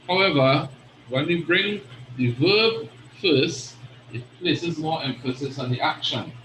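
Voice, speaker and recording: A man's voice: mid-range voice, fairly bright tone. A man teaches an Arabic grammar lesson, patiently walking his students through each point and checking in with "right?" after each one. His voice sits in a middle range. The recording has a roomy echo and a faint hum of ambience behind it. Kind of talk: online class lesson.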